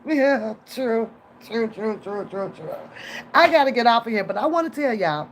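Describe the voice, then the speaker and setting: A woman's voice: on the high side, normal speed, slight background noise. A woman streamer telling a story in casual chat, acting out the people in it and laughing often. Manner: animated, acts out voices in quotes, laughs often. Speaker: reaction streamer.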